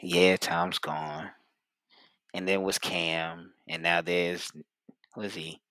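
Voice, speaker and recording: A man co-hosting a casual sports podcast, laid-back and quick to laugh. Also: deep voice, flat delivery, bright, forceful tone, no echo. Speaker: podcast co-host.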